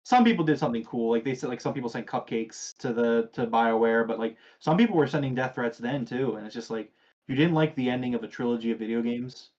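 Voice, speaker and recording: A man's voice: medium pitch, fast, a little mellow, muffled recording. A man hosting a casual gaming podcast, reading news items aloud and asking co-hosts questions, with a sarcastic streak. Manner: chatty, sarcastic, leads the discussion. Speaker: podcast host.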